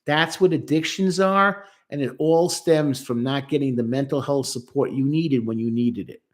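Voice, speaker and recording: Speaking at normal speed in a mid-range voice, this man works as a therapist. He comments emphatically on a song, quoting the lyrics and performing the voices while explaining.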